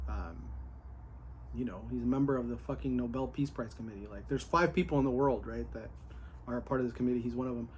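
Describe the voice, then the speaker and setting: A man in a casual, excited recap of his day, candid, full of fillers and with the odd curse. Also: mid-range voice, a little hiss or hum. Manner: candid and excited, with many fillers and a bit of cursing.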